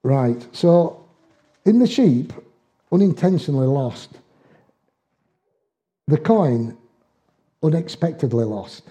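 Older man, sermon, folksy storytelling, very mellow tone, slightly high pitch. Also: expressive, slow, pauses often. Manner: folksy storytelling with dialect and chuckles. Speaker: preacher.

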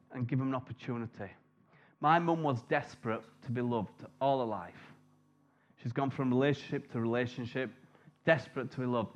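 Male preacher, light high voice, jokey storytelling sermon, muffled lo-fi sound. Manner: chatty, jokey, tells personal stories. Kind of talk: informal sermon. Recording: dull lo-fi recording.

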